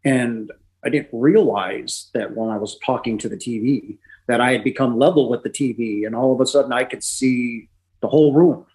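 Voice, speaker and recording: Halting middle-aged man telling his story. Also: mid-range voice, a little mellow, poor audio. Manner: halting, emotional, many pauses and restarts. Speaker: podcast guest. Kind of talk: personal testimony.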